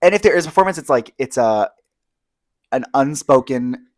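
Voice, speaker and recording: A man in his twenties co-hosting a casual podcast, telling stories candidly with profanity and jumping into high squealing impressions. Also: normal speed, no room sound. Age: 20s. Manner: animated storytelling, jumps into high squealing impressions of himself. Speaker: podcast co-host. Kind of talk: casual chat.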